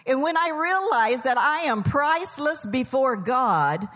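A woman's voice: fairly high pitch, lively intonation, unhurried, fairly bright tone, big-room sound. An older woman, a pastor's wife's mother, giving a humorous Mother's Day sermon in church, telling jokes and stories in quoted voices. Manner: folksy, joking, storytelling with quoted voices. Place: church sanctuary.

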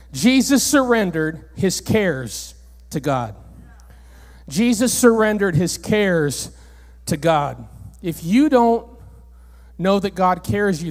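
A male pastor preaching a sermon in a church, animated and rising to near-shouts on key points. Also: high-pitched. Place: church sanctuary, on stage. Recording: church hall reverb.

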